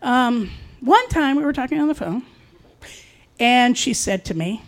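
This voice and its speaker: A woman telling a personal story in a casual, wry way, with deadpan asides. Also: a little high, a little slow.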